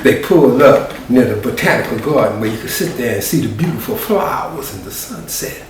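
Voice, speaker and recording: A man's voice: medium pitch, lively intonation, a little fast. A man telling a story in a folksy, conversational way, as a storyteller. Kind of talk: animated oral storytelling. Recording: roomy, distant, faint hiss.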